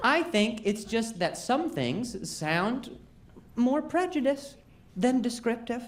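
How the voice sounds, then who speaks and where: A man's voice: very high voice, lively intonation, slow, reverberant, noisy background. A man with a stutter performing a self-deprecating stand-up comedy set on a club stage. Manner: self-deprecating, wry storytelling with comic outbursts.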